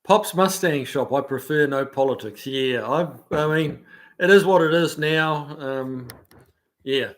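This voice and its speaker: Kiwi guy hosting a laid-back live chat, slightly high voice, laughs easily. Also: unhurried. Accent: New Zealand. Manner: easygoing, laughs often, hesitant with fillers. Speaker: livestream host. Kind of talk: casual live chat, reading out viewer comments.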